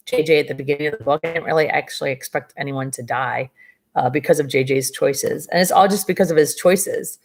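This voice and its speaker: A woman's voice: low-pitched, creaky. A woman reading a novel aloud and breaking off for chatty asides and dry sarcasm about the story. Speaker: reader of a novel. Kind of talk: reading a book aloud with commentary.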